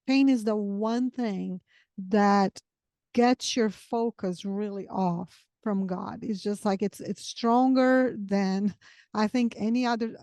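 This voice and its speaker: A woman's voice: medium pitch, mellow, dry recording. A woman podcast host reflecting on faith and pain in a conversation with her guest.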